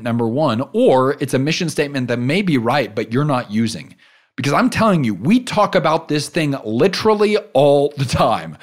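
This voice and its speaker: A man hosting a business leadership podcast, giving an earnest motivational talk that swings from emphatic peaks to soft storytelling. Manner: drops soft and low when telling a story.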